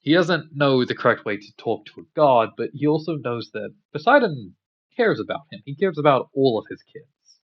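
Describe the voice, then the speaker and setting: A man casually retelling a story in a relaxed, rambling way with lots of fillers. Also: medium pitch, normal speed, muffled recording. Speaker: commentator.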